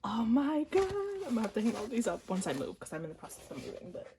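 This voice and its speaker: A woman chatting casually to camera while unboxing, excitable and prone to gasps and squeals, then dropping into quiet mumbles. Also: medium pitch, racing, a little hiss or hum. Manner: drops to quiet mumbles between outbursts. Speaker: vlogger unboxing albums.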